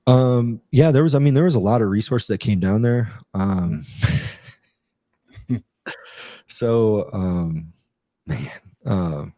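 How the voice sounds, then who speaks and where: Deep, dark-voiced man telling war stories. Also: takes it slowly, long pauses, no room sound, studio quality. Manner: rambling, many fillers and restarts. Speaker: guest, retired Army captain. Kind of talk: casual interview storytelling.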